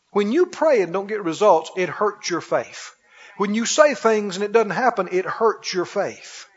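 A man's voice: high voice, lively intonation, moderate pace, husky. A man preaching a sermon as pastor, often asking the congregation questions such as whether they are with him. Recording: dull recording with long hall reverb.

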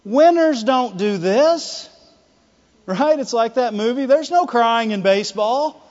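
A male preacher giving an animated sermon, swinging between loud declarations and hushed asides, often laughing and calling for the congregation's response. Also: very high-pitched, slow. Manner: laughs often, calls for "Amen" and "Right". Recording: dull lo-fi sound with long hall reverb.

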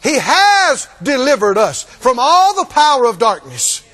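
High-pitched, lively preacher. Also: male voice, measured pace. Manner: animated, rising to emphatic shouts and mock voices. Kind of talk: sermon.

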